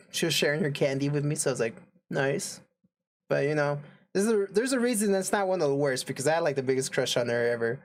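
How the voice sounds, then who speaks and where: Rambling young man telling a story. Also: a little high. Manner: rambling, filler-heavy, laughing storyteller. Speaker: podcast co-host. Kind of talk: casual storytelling chat.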